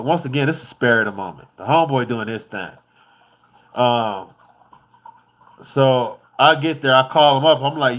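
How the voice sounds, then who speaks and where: A laid-back man from the United States recounts his trip in a loose, profane, easygoing way. His pitch sits in a middle range, and he chuckles now and then while he talks. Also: a bit bright. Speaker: vlogger. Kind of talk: casual travel storytelling.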